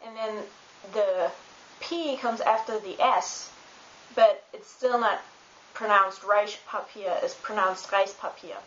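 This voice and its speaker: A woman who speaks German natively, giving a casual spoken pronunciation lesson, relaxed and hesitant with many ums and uhs. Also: mid-range voice, takes it slowly. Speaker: German tutor. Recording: roomy, dull home recording with hiss.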